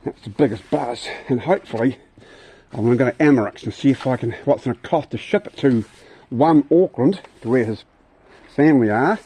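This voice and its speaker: A man's voice: medium pitch, brisk, dark tone, slightly rough. Chatty older New Zealand man. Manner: rambling, chatty, playful with pets. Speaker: vlogger. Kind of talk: casual outdoor vlog chat.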